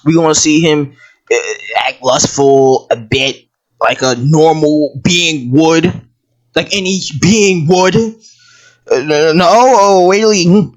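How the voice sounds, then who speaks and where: Show review commentary, slow unhurried delivery, exasperated yelling, stammered repeats, profanity. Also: mid-range voice. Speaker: video commentator.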